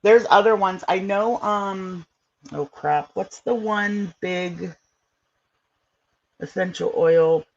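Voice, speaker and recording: A woman's voice: medium pitch, takes it slowly, pauses often, highs cut off. A woman hosting a casual livestream, chatting with viewers in a rambling way with lots of fillers. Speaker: livestream host.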